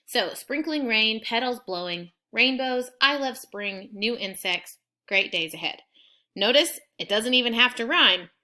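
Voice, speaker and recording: A woman teacher talks students through a recorded lesson with a bright, clear voice. She explains each point patiently and step by step, at a middle pitch.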